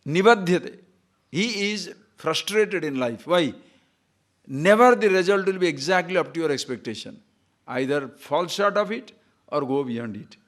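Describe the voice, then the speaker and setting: Animated man teaching scripture. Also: a little high, measured pace. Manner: animated, swings from loud to hushed, acts out examples, chants Sanskrit. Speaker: spiritual teacher. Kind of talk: scripture lecture.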